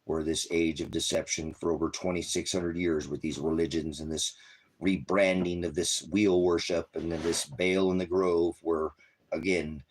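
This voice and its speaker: A man's voice: low-pitched, flat delivery, normal speed. A man preaching and chatting casually on a phone live stream at home, rambling and talking fondly to his dogs.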